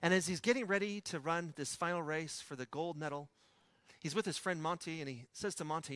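A man preaching in a relaxed, conversational way, often turning to rhetorical questions. His voice sits a little high for a man. The sound is dry and close, with no room echo. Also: a little fast, clean tone. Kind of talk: sermon.

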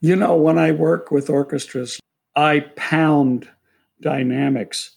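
Gravelly, husky man conductor. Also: on the high side, steady tone, slow pace. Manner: anecdotal, warm, laughs easily. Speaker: orchestra conductor, interview guest. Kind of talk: storytelling interview.

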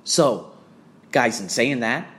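A man's voice: medium pitch, expressive, takes it slowly, fairly bright tone. A man ranting bluntly to camera about business, swearing often and firing off rhetorical questions. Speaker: fitness trainer.

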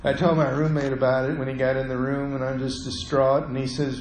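A man's voice: medium pitch, little pitch movement, a little fast, echoey room, slight background noise, poor audio. A middle-aged man preaching a sermon, telling a personal story in a conversational way and acting out the voices of the people in it.

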